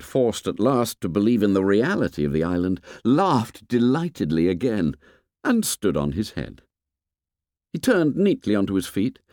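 A man reading a novel aloud as an audiobook narrator, in an expressive storytelling manner. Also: on the low side, no echo, studio quality. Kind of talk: scripted narration.

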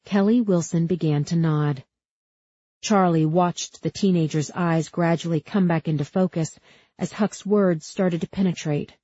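A woman reading an audiobook aloud in measured, tense scripted narration. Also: on the low side, fairly even intonation, dark tone, no echo, muffled recording.

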